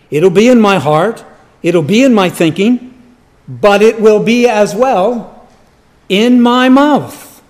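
A man's voice: high voice, animated, slow, a little mellow. A man preaching a sermon, emphatic and repeating his key phrases. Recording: long hall reverb.

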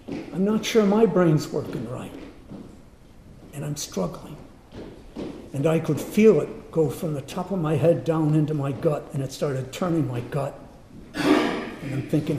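A man preaching as he tells a personal story, earnest and animated. His voice is fairly high but soft and mellow. The room around him is roomy and echoey. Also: unhurried, pauses often, a little hiss or hum. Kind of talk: personal story told in a sermon. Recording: roomy echo.

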